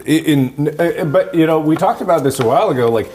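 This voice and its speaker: A man's voice: fairly high pitch, animated, a little fast, a little mellow, slight background noise. Guy cohosting a chatty podcast, jokey, lots of ups and downs in his voice. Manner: jokey, swears, trails off and restarts. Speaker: podcast co-host. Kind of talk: casual chat.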